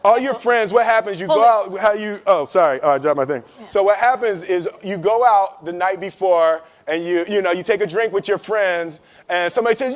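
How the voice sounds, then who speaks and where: Middle-aged guy telling a story, fairly high voice, casual and loose, lots of fillers. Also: fairly quick. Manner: acts out voices, shouts and laughs while telling the story; casual, many fillers and repeats. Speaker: speaker telling a story to an audience. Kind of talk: animated storytelling speech.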